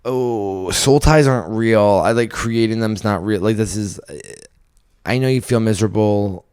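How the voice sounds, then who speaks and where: A man's voice: lowish voice, moderate pace, darkish tone, clear, resonant tone, dry recording, studio quality. A young man hosting a comedy podcast, giving blunt, teasing advice in casual chat with bursts of laughter. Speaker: podcast host, stand-up comedian.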